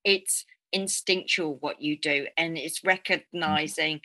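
A woman hosting an interview, asking questions in a warm, affirming way. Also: low-pitched, steady tone, slow. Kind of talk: conversational interview.

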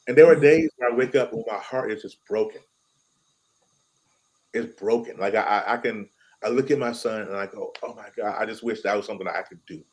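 A man's voice: on the low side, low-quality recording. A man on a podcast panel speaking candidly and emotionally about family life in casual chat. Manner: candid, emotional, talks in restarts.

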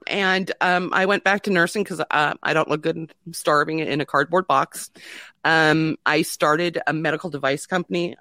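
A woman's voice: low-pitched, sharp tone, no echo. A middle-aged woman candidly telling her life story in an interview, self-mocking and laughing often, with many fillers.

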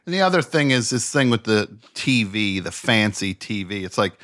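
Male podcast guest, fairly low voice, bright edge, dry and wry. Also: animated, normal speed. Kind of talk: casual comedic chat.

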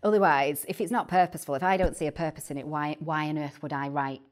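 A woman, a guest chatting on a podcast about early years teaching, animated and often repeating words as she starts a thought. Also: low voice, quick pace. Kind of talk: casual podcast chat.

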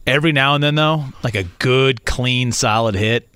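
A sports radio host in casual conversation, a man with a mid-pitched voice. He tells stories with energy and slips into deadpan impressions. The studio sound is dry and close. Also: normal speed, clean tone, no echo. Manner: animated storyteller, acts out deadpan quotes.

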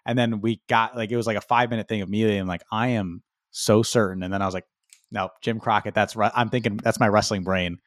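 Chatting casually as a podcast co-host, this man tells stories about himself with sheepish self-deprecation and plenty of laughs. He speaks fast in a fairly low, steady voice, and the studio-quality audio has no room sound.

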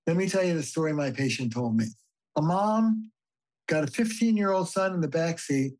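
An older man who works as a family therapist appears as a podcast guest, telling stories with animated emphasis and casual swearing. His voice is a little high, he speaks at a moderate pace, and the audio quality is poor.

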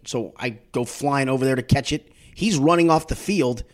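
A man with an American accent hosting a casual sports podcast, an animated storyteller who repeats words when he gets going. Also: medium pitch, a little fast. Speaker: podcast host.

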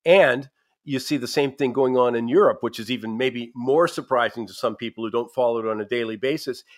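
A man's voice: mid-range voice, fairly quick. A man hosting a radio talk show, chatty and emphatic, thinking aloud as he interviews guests.

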